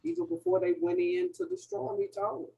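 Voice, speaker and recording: A woman's voice: very high-pitched, brisk, creaky, mellow, recorded from a distance, highs cut off. A woman in a church Bible study discussion, explaining in an earnest, matter-of-fact way.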